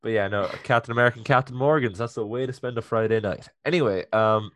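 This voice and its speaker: A man co-hosting a podcast, chatting casually and excitedly about a TV episode, joking a lot and saying "like" often. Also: medium pitch, fast, no echo. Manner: excitable and jokey, with many "like" fillers. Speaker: podcast co-host. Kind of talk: casual chat reviewing a TV episode.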